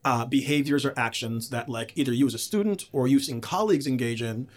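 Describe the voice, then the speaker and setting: A man's voice: mid-range voice, brisk. Chatty self-deprecating man hosting. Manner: chatty, self-deprecating, many fillers and restarts. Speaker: podcast host and teacher. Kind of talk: casual conversational interview. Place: in the Gulf region.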